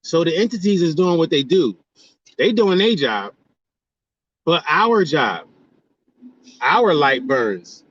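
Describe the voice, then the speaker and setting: A man in casual spiritual chat, animated and preachy, firing off rhetorical questions. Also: a little high, takes it slowly, pauses often, highs cut off.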